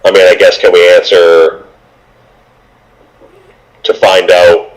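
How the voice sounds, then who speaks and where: A man with a very low voice plays a tabletop horror game. He recaps and asks questions casually, rambling with fillers. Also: flat delivery, takes it slowly, low-quality recording. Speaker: player.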